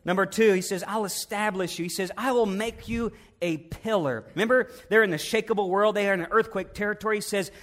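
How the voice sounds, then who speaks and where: A male pastor preaching a sermon, asking the congregation direct questions and swinging between loud emphatic peaks and hushed, intimate passages. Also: sits high, brisk, hardly any pauses.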